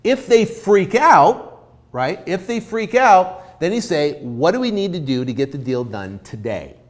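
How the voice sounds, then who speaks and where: A man's voice: sits high, a little slow. A man giving informal coaching on real estate deals, acting out both sides of a negotiation. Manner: animated, acts out both sides of a deal.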